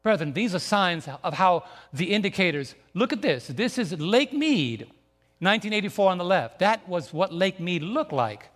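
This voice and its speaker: Male pastor, high voice, emphatic repetitive sermon delivery, long church-hall reverb. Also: very animated, moderate pace, a bit bright. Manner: emphatic, repetitive preaching with restarts. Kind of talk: sermon with slides. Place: church sanctuary.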